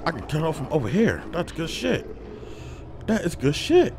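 Excitable young man yelling over gameplay. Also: on the high side, moderate pace, gravelly, noisy background. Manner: excitable, swearing, shouting in panic. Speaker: gaming streamer. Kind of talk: let's play commentary. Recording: game music behind. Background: game music.

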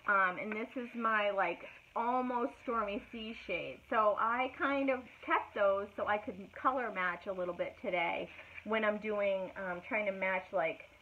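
A woman's voice: mid-range voice, unhurried. A middle-aged woman, chatting casually as she demonstrates furniture painting on a live stream, full of fillers and greetings. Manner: chatty, many fillers, greets viewers by name. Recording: tinny phone-like audio with faint noise.

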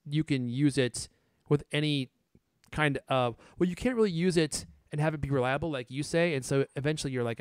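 A man hosting a casual tech podcast, chatting easily with a smooth, resonant voice. His sound is dry and close, with no room around it. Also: on the high side, fairly quick, no room sound. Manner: casual and chatty, laughing now and then. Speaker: podcast host.

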